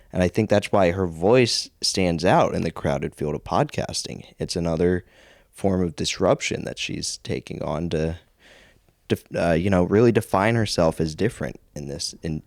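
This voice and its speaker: A man co-hosting a podcast in casual chat, measured and hedging as he talks things through. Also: deep voice, no room sound, clean studio sound. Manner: measured, hedging with "I mean" and "I think". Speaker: podcast co-host.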